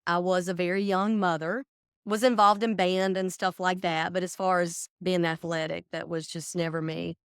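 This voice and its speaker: A woman's voice: lowish voice, little pitch movement, normal speed, clean tone, no room sound, clean studio sound. A woman in her forties, a podcast guest, telling her story in casual chat and acting out what friends said. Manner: chatty, acts out quoted friends.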